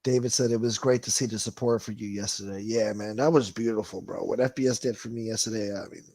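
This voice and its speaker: A man with a lowish voice, vocal fry, and a slightly mellow tone talks at a quick pace with no room sound. Reading his livestream chat aloud, he rambles in a casual, profane way, swearing a lot and laughing.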